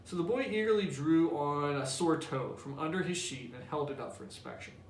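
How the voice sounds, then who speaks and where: Male teacher reading to class, slightly high voice, echoey room. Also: animated, a little fast. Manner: explanatory, conversational. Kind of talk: reading a novel aloud to a class. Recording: echoey room, distant mic, faint hiss.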